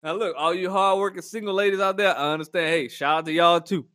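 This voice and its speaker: A high-pitched man rambles through a comedic rant in a dry, close recording. He talks in an animated way and keeps cracking himself up as he riffs. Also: fast, dry recording. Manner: animated, rambling, laughs at own jokes. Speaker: comedic vlogger. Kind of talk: casual comedic monologue.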